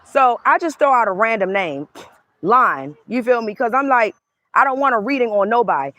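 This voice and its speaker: A woman's voice: a little high, expressive, moderate pace, a bit bright. Heated, profane woman telling a story. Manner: heated, profane, acts out both sides of the argument. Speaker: tarot reader. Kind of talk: casual storytime rant.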